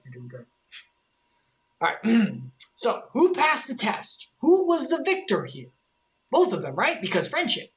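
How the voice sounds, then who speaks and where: A woman streamer talks casually over a game recap, joking and excitable, and throws quick asides to her chat. Her pitch swings in a lively way. The audio is dull and lo-fi.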